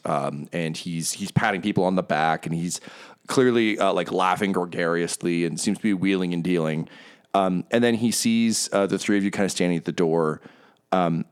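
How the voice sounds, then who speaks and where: A man's voice: low-pitched, clear, resonant tone. Hesitant man narrating a tabletop game. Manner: hesitant, many fillers. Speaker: game master.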